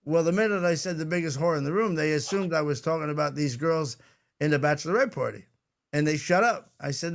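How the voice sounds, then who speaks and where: A stand-up comedian chatting casually and telling a story, acting out what people said. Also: male voice, fairly high pitch, fairly quick, vocal fry. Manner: animated anecdote-telling, acts out quoted lines. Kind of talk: casual chat, telling stories.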